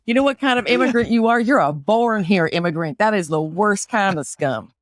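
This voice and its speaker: A woman voicing a brash, fast-talking Southern American woman. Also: mid-range voice, expressive, dry recording, clean studio sound, close to an everyday voice. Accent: put-on Southern US.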